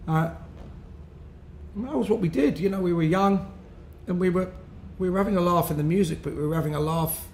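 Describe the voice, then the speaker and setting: A man in his fifties tells cheeky anecdotes in a rambling way, laughing often and restarting his sentences. His voice sits a touch higher than most men's. The room gives it a roomy echo, with a faint hiss behind it. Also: a little fast, darkish tone. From London. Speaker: musician, interview guest. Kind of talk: casual anecdotal storytelling. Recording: roomy with faint background noise.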